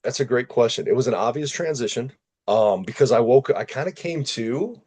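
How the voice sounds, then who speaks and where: A man hosting a podcast, telling a personal story in a lively, self-deprecating conversational way. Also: mid-range voice, normal speed. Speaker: podcast host.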